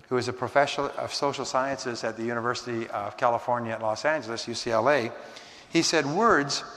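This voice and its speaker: A man speaking at mid pitch in a large hall with a long, ringing reverb. He gives a motivational seminar talk, measured and emphatic, drawing out key words for weight. The room's echo hangs on his phrases. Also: fairly bright tone. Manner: measured, emphatic lecturing with dramatic slowdowns.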